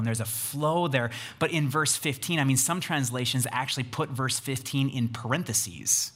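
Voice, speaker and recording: Bright-voiced emphatic preacher man. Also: medium pitch, moderate pace, few pauses. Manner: emphatic, building intensity, asks the congregation questions. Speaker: pastor. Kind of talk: sermon.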